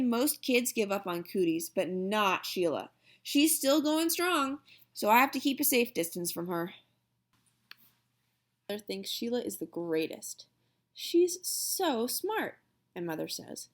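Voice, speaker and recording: A woman reads a children's book aloud at home, her voice jumping high and low with the story. The reading is animated and a bit raised in pitch. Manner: lively, expressive first-person reading. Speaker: audiobook reader. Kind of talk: storybook narration.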